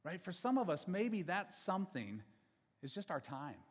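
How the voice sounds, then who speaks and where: A man's voice: high-pitched, very animated, normal speed, big-room sound. A pastor giving a casual, conversational sermon. He checks in with the audience with frequent "okay?" and "right?", and he repeats words as he builds each point.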